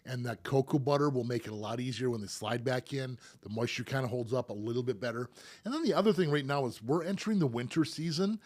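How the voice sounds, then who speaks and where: A man's voice: medium pitch, quick pace. Middle-aged man hosting a live Q&A. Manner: friendly, rambling advice with repeated words. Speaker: professional piercer and show host. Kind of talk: live-stream Q&A answers.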